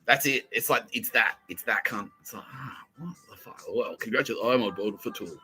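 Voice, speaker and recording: A man hosting a crude comedy podcast, swearing freely, laughing often and mimicking people in quick asides. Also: on the low side, bright, forceful tone, rough recording. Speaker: podcast host.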